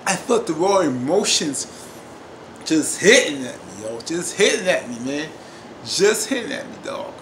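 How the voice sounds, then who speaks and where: A man's voice: on the high side, big pitch swings, unhurried. Man reviewing a TV episode in casual chat, emphatic and repetitive, recorded in an echoey room with noise underneath. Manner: emphatic, repetitive, often says "y'all". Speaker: TV show reviewer.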